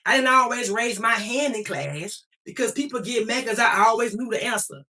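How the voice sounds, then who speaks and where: On her livestream, a young adult woman snaps back at chat in a preachy, profane, confrontational and defiant manner, barely pausing. Her fairly high, expressive voice is bright and sharp, at a moderate pace. Sitting a little back from the mic, she comes across somewhat distant.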